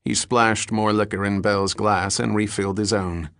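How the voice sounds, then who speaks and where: A man narrating a novel in a steady, descriptive storytelling manner. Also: lowish voice, normal speed, vocal fry, hardly any pauses, dry recording, studio quality. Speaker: audiobook narrator.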